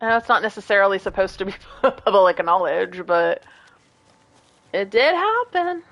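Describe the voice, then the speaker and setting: A woman's voice: mid-range voice, expressive, moderate pace, fairly bright tone, muffled recording. A woman in her late thirties chatting casually with her stream audience, rambling from one story to the next, laughing often and going off on rants. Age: late 30s.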